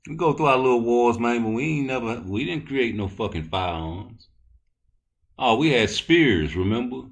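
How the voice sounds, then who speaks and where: A man's voice: mid-range voice, lively intonation, normal speed, gravelly. A man hosting a live boxing talk stream, rambling loosely and cursing as he answers his chat. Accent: Baltimore. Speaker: boxing talk show host.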